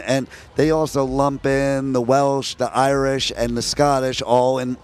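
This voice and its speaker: A man's voice: mid-range voice, flat delivery, a little slow, few pauses, a little mellow, clear, resonant tone. An American man from New York and New Jersey, interviewing a band outdoors at a music festival in a chatty, joking way. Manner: chatty, jokey, laughs between stories.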